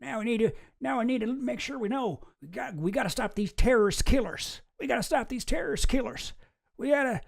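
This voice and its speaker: A cocky, bumbling politician put on by a man blusters through mangled folksy sayings in a high, pushed voice. He trips over his own phrases and restarts, grinning all the while. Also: expressive, a little fast, vocal fry, heavily acted. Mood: blustering.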